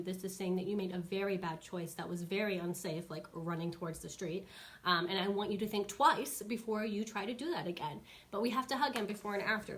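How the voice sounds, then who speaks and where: Chatty woman dog trainer. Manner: chatty, animated, acts out dogs and kids in high squeaky voices. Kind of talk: casual live-stream Q&A.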